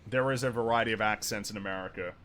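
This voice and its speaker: An Australian man with a lowish voice chats casually while he games on stream. He rambles, hesitates and restarts his sentences, with a wry edge. A faint hum of noise sits behind him. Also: quick pace, fairly bright tone. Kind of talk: casual chat while gaming.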